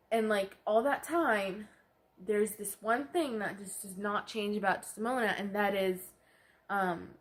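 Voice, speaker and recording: A woman's voice: mid-range voice, a bit bright. A young woman student giving a book report presentation, talking hesitantly with many fillers.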